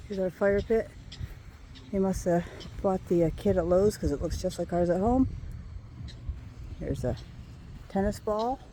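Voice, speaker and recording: A woman's voice: medium pitch, measured pace, long pauses, poor audio. A woman vlogging on a handheld camera outdoors at a rainy campground, chatting casually and thinking aloud about what she sees. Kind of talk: casual handheld vlog narration. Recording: outdoor recording with loud wind and rain noise.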